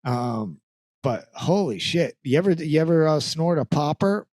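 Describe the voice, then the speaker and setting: A man co-hosting a comedy podcast, his voice a touch higher than most, recorded close and dry with no room sound. He tells crude stories in a halting way, full of ums and restarts. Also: lively intonation, a little mellow, no room sound. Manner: storytelling, hesitant with many fillers. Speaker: podcast co-host. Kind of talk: casual comedy chat.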